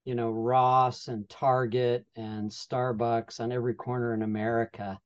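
A man's voice: medium pitch, level tone, unhurried, clean tone, highs cut off. A man from the audience asking a question, hesitant and searching for words with many fillers.

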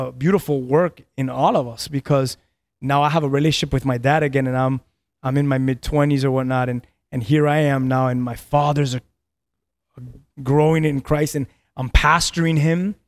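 A man's voice: mid-range voice, no room sound. Earnest man telling a story, dry sound. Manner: earnest, repeats words, laughs between lines. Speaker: pastor. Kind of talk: casual podcast storytelling.

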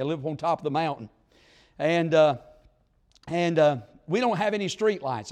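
A man preaching a revival sermon in a fervent, folksy style. His delivery swings between loud exclamations and low, drawn-out asides. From southern United States. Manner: folksy, plain-spoken country talk.

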